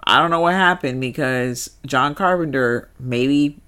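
A man co-hosting a podcast, rambling and joking about a movie, his voice jumping up when he gets excited. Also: unhurried, smooth. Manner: rambling, jokey, swings into excited highs. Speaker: podcast co-host. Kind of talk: casual movie discussion.

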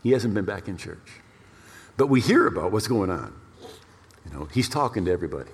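A male pastor preaching a storytelling sermon in an animated way, repeating words for emphasis. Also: sits low, fairly quick, vocal fry, husky. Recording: long reverb of a large hall.

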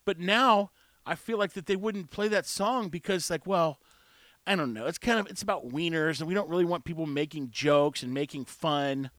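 A man's voice: on the high side, fairly bright tone, no echo, clean studio sound. A man talking casually on his own, rambling, opinionated and laughing at his own jokes. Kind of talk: casual solo talk.

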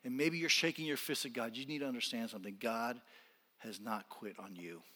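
A man preaching from the pulpit, his voice sharp and forceful as it rings through a large sanctuary. He pushes hard in his appeals, then pulls back to a soft, intimate hush. A long reverb trails every phrase. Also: mid-range voice, brisk. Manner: impassioned, rising to near-shouting then dropping quiet. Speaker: pastor. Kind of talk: sermon. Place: church sanctuary.

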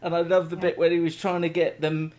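A man's voice: a little high, flat delivery, fairly quick, a little mellow. A man hosting a TV review podcast, chatty and enthusiastic. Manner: chatty, enthusiastic, laughs often. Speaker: podcast host. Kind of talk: casual chat.

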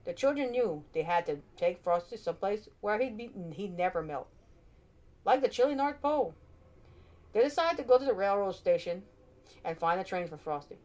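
A woman narrating a children's storybook aloud with expressive, animated delivery. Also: medium pitch, normal speed.

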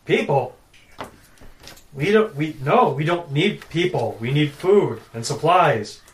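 A man voicing crude, dim-witted male giants who speak in broken grammar, slow and loud. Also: fairly high pitch, animated, pitched above the performer's own voice. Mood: gruff, dim. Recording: roomy, distant mic, faint noise.

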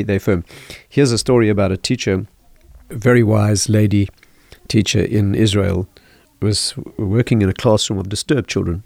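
An older man, a rabbi, explaining parenting calmly in a podcast interview and telling stories. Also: on the low side, dry recording. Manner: measured, storytelling, chuckles at own anecdotes. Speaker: rabbi, guest teacher.

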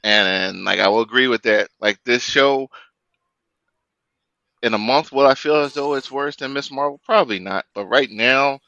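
A man co-hosting a podcast in casual debate chat, halting and repeating words as he makes his critique. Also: mid-range voice, bright, forceful tone, no echo, highs cut off. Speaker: podcast co-host.

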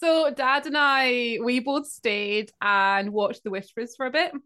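A woman's voice: a little high, measured pace, bright, forceful tone, clear, resonant tone. Chatty woman telling a story. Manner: chatty, acts out quotes. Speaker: podcast co-host. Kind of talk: casual storytelling.

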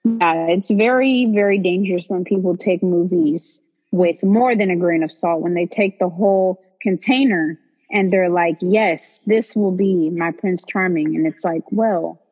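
A woman joining a casual podcast chat, talking in a slangy, easy way with a husky voice. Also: lowish voice, normal speed, a little mellow, long reverb tail, highs cut off.

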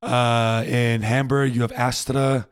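Relaxed upbeat guy chatting on a podcast, dry close mic. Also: mid-range voice, slow, clean tone, no echo. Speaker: podcast co-host. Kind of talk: casual chat.

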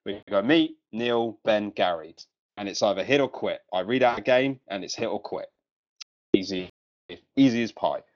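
A man hosting a casual gaming podcast, talking with many ums and pauses. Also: fairly low pitch, lo-fi sound. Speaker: podcast host.

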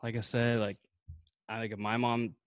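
A man's voice: medium pitch, level tone, normal speed, smooth, no room sound. A man chatting casually in a laid-back, rambling way, full of fillers. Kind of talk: casual chat.

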